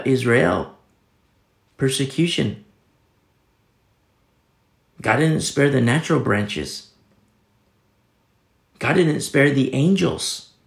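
A man's voice: mid-range voice, vocal fry, echoey room. A man pastor giving a conversational Bible teaching sermon, rambling with many restarts and sudden emphatic rises.

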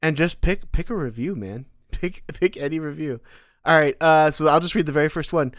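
A fairly high-voiced man from the United States, chatting on a podcast with a dry, close sound. He talks in an animated way, laughs a lot and leaps up in pitch to make a point. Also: moderate pace, no room sound. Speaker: podcast co-host. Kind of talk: casual chat.

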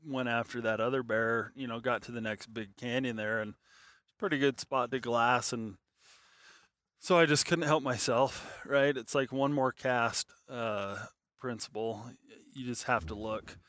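A man's voice: mid-range voice, steady tone, unhurried, fairly bright tone, no echo, studio quality. A man telling a long hunting story in casual, rambling talk, full of fillers and restarts.

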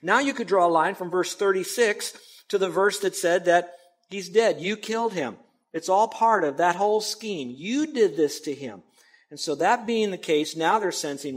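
A man preaching from the pulpit with a slightly higher voice than most men. He teaches earnestly and emphatically, swinging between loud stresses and quiet asides. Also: lively intonation, moderate pace. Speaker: pastor. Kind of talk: expository sermon.

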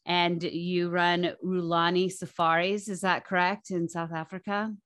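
Woman, interview host, friendly, slightly low voice, dry close sound. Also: level tone, unhurried, fairly bright tone, dry recording. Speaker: podcast host. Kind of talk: interview hosting.

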